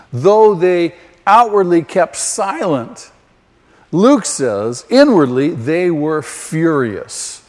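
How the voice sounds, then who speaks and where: A man preaching a sermon slowly and emphatically, with sudden loud rises for stress. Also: high-pitched. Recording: long hall reverb.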